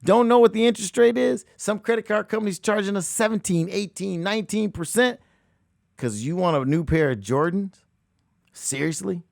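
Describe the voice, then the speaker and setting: A man hosting a money talk show as a real estate coach, talking emphatically, repeating phrases and swinging between loud outbursts and hushed asides. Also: high voice, normal speed, vocal fry, dry recording, studio quality. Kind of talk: animated motivational talk.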